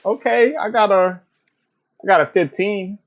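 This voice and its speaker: A man's voice: high-pitched, measured pace, dull audio. A young man playing a tabletop game, joking, laughing and swearing casually. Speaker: player.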